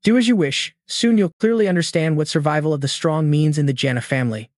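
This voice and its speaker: A man's voice: fairly high pitch, quick pace, no room sound, studio quality, natural voice. A man reading as a scornful old clan elder. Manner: scornful, threatening. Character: contemptuous old male dragon clan elder.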